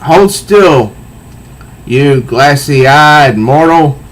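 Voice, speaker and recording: A man reading as a slow, taunting cat creature. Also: a little high, expressive. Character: menacing male-voiced cat creature, taunting.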